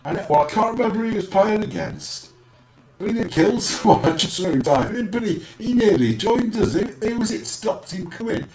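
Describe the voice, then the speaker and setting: A man's voice: sits high, animated, a little fast, roomy sound, crowd noise, low-quality recording. A man hosting a casual football podcast, teasing his co-host with dry asides.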